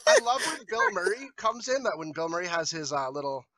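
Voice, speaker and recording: A middle-aged man in casual podcast chat, rambling with halting restarts. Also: fairly high pitch, wildly swooping pitch, pushed and bright. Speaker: podcast co-host.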